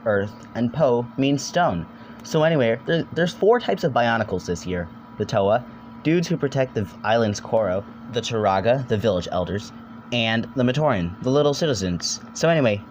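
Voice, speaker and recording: A man's voice: medium pitch, slight background noise. A young man narrating a casual comedic video essay, rambling and joking, swearing now and then. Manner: rambling, jokey, swears, quick silly voices.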